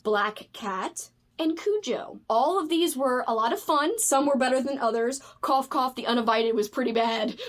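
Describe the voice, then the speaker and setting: Casual book vlogger, woman, higher voice, animated and gushing. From United States. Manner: animated, gushing, frequent fillers. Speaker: book video creator. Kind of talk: casual chat.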